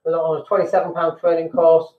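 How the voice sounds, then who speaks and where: A British man with a fairly high voice talks bluntly and casually on his podcast, often joking at his own expense. The sound is thin and tinny, like a phone line, with a noticeable echo from the room. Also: monotone, brisk. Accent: British English. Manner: blunt, self-deprecating, acts out quoted people. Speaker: podcast host. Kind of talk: casual business podcast talk.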